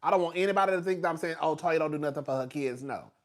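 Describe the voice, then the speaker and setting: This reality TV commentator is a young man talking gossip in a loose, lively way. He leans heavily on fillers, laughs often, and his voice jumps loud and high when he gets worked up.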